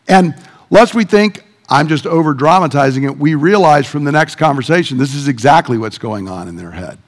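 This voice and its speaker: A man preaching a sermon, retelling a Bible story vividly and building emphasis as he goes. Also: mid-range voice.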